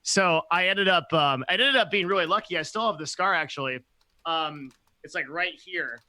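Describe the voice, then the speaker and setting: A male podcast host with a fairly high, bright and forceful voice. He tells his story quickly and animatedly, often laughing along as he talks. The recording is dry and close, with no room echo. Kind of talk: conversational storytelling.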